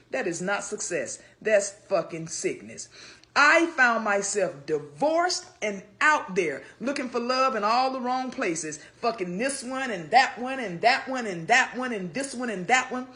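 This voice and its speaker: A woman delivers a confessional monologue with a bright, cutting edge to her voice. She stacks up emphatic, repeated statements and drops curse words freely. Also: mid-range voice. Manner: emphatic, repetitive and profane.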